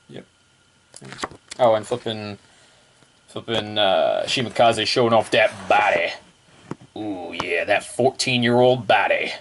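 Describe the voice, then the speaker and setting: A man's voice: mid-range voice, a bit bright, slight background noise. A man casually reviewing a magazine, rambling, laughing often and repeating the same fillers.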